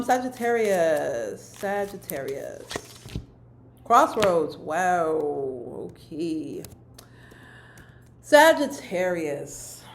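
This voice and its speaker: A woman's voice: on the low side, echoey room, slight background noise. A woman giving a monthly card reading to her viewers, speaking earnestly to them and repeating her key phrases. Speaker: spiritual card reader.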